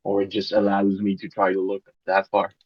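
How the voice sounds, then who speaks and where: Low-voiced laid-back male player. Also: monotone, moderate pace, breathy edge, highs cut off. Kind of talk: casual tabletop game chat.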